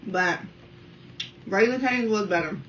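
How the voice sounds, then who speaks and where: Chatty woman vlogger with a bright voice. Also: medium pitch, unhurried. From Washington, D.C. area. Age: 30s. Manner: talkative, keeps addressing viewers as y'all. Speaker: mukbang vlogger. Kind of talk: casual chatty food review while eating. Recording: dull, slightly distant sound with faint room noise.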